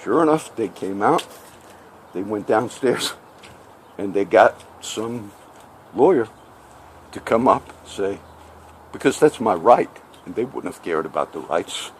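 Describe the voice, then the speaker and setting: A man telling a personal story in casual speech, animated and acting out both sides of the conversation. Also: lowish voice, unhurried, pauses often, a little hiss or hum. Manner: animated, acts out each side of the dialogue; repeats "I said" often. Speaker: storyteller recounting a personal legal run-in.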